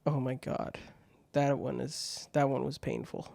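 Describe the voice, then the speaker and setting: Slow, gravelly-voiced man chatting. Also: medium pitch, flat delivery, darkish tone, no room sound. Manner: laid-back, swears freely, laughs at bad jokes. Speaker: podcast host reading viewer questions. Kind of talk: casual solo chat.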